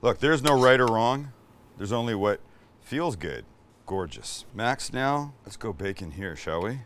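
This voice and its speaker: A man's voice: lowish voice, lively intonation, measured pace, a bit bright, a little hiss or hum. A man from Canada, hosting a casual cooking demonstration in a home kitchen. He talks chattily and enthusiastically and swears now and then. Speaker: cooking show host.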